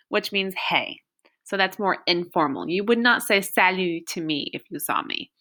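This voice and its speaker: Woman, French teacher, patient beginner lesson, bright tone. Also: medium pitch, expressive. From United States. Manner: slow, clear modeling of example phrases.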